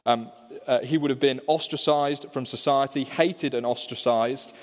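A man's voice: medium pitch, steady tone, normal speed. Preacher man in a reverberant church. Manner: conversational, asks rhetorical questions. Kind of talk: expository sermon.

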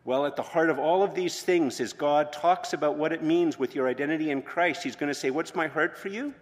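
A man, a pastor, preaching a sermon in a conversational way that rises to loud, emphatic proclamations. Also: on the high side, fairly quick. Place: church hall with long reverb. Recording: reverberant church hall.

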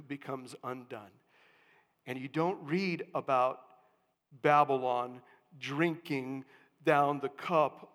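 Slow-preaching pastor in a reverberant hall. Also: male voice. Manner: dramatic swings from hushed to booming. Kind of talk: sermon. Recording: long church reverb.

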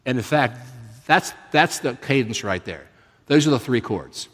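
A man's voice: medium pitch, expressive, measured pace, a bit bright. A man in his fifties, speaking as a guest preacher, gives a sermon in a conversational, storytelling way with self-deprecating humor. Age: 50s. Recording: reverberant hall.

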